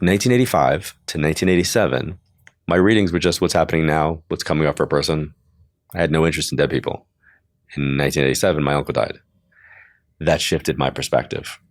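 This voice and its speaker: Very deep-voiced man in his sixties. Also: dry recording, studio quality. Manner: lively storyteller who acts out quoted voices; chatty, full of "like" asides. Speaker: psychic medium. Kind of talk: interview storytelling.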